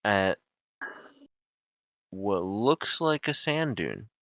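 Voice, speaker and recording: A man's voice: on the low side, big pitch swings, extremely slow, a bit bright, dry recording. A young man running a tabletop game as game master, narrating in a laid-back way with joking asides.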